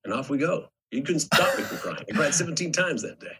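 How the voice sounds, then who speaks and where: A man's voice: a little high, a little fast, breathy edge, rough recording. A middle-aged man, a guest actor, telling stories in a casual podcast chat and acting out the quotes in them. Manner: animated storyteller, acts out quotes.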